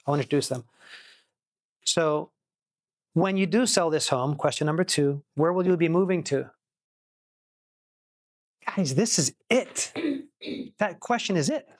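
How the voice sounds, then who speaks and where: Lively man coaching sales calls. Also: on the high side, a little slow, pauses often, dry recording, studio quality. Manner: energetic, repeats key phrases for emphasis. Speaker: real estate coach. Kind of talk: teaching a sales boot camp.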